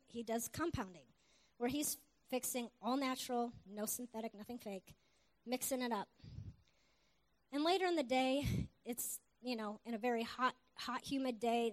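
A woman preaching with a high, bright-pitched voice. She tells stories with animation and rallies her congregation with calls of hallelujah. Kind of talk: sermon with storytelling.

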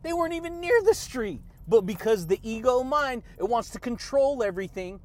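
A man hosting a motivational podcast, hyped and loud, shouting catchphrases and laughing often. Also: very high voice, lively intonation, brisk, hardly any pauses, a little hiss or hum. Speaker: podcast host.

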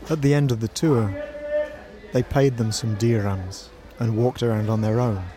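A man narrating a scripted story in a steady, measured way. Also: on the low side, a crowd in the background.

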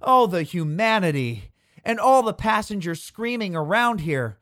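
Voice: mid-range voice, wildly swooping pitch, slow pace, no echo, clean studio sound, pitched above the performer's own voice. A narrator reenacting a 1930s male radio reporter describing a disaster as it happens, breathless, with broken-off exclamations. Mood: horrified.

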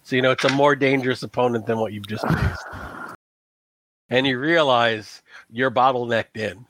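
Bright-voiced man running a tabletop game. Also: medium pitch, moderate pace, no room sound. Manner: casual, filler-heavy narration. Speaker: game master.

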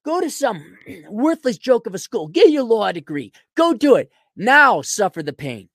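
A man hosting a podcast, delivering a blunt, mocking solo rant and often clearing his throat. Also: high-pitched, big pitch swings, normal speed, fairly bright tone, dry recording, studio quality. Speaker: podcast host. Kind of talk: ranting solo commentary.

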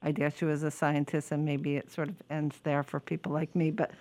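A woman's voice: low voice, flat delivery, fairly quick, warm tone. A woman hosting an interview, asking friendly, encouraging questions. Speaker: interview host. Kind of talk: casual interview.

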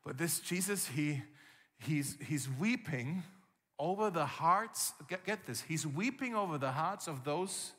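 A man preaching a sermon as pastor, telling the story vividly and acting out scenes with gasps and shouts. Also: a little high, animated, measured pace. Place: church hall. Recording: long reverb from a church hall.

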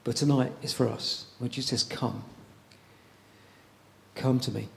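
A man preaching a sermon in a conversational way, pausing often and repeating words as he goes. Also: mid-range voice, fairly even intonation, gravelly.

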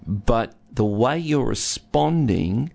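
Slow, gravelly man telling a story. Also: medium pitch, lively intonation, darkish tone. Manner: storytelling, acts out husband and wife. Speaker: relationship counsellor. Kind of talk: casual teaching talk with a co-host.

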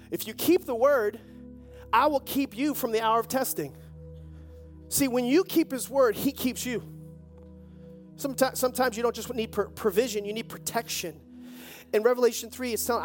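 A pastor preaching a sermon with lively storytelling and jokey asides. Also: medium pitch.

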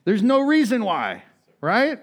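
A pastor preaches slowly in a conversational style, his pitch swooping wildly and his frequent "right?" asides breaking in. He moves between loud, raised passages and quiet, low stretches.

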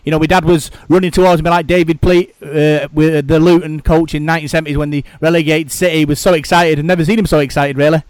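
A middle-aged man hosting a fan podcast, talking in a slightly high, easy voice. He rambles along, tripping over and repeating his words as he goes. The sound is close and completely dry. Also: level tone, fast talker, few pauses, clear, resonant tone, no room sound. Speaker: podcast host. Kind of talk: casual chat.

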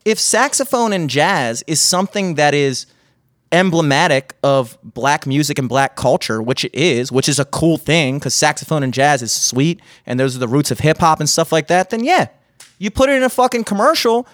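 A man's voice: fairly high pitch, normal speed, no room sound, clean studio sound. A man co-hosting a podcast, cursing a lot and telling jokes in crude casual banter. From Greek and Italian heritage. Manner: profane, animated joke-telling. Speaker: podcast co-host. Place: remote podcast recording.

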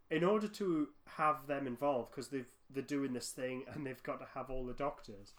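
A man co-hosting a casual podcast, animated and often laughing, breaking off and restarting his sentences. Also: mid-range voice, normal speed, hardly any pauses. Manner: laughing, animated, self-interrupting. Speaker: podcast co-host. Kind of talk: casual fan podcast chat.

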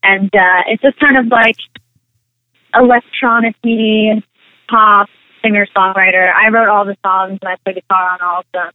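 A woman's voice: medium pitch, normal speed. A young woman guest in a casual interview, rambling with lots of "like" and "um" as she tells stories. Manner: rambling, full of "like" and "um", animated retelling. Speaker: interview guest, actress and singer. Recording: tinny phone-like line.

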